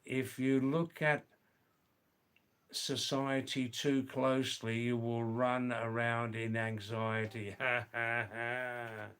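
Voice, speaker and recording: A middle-aged man hosting a livestream, reading viewer comments aloud and slowly, gently correcting their English. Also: mid-range voice, little pitch movement, clean tone. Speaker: livestream host.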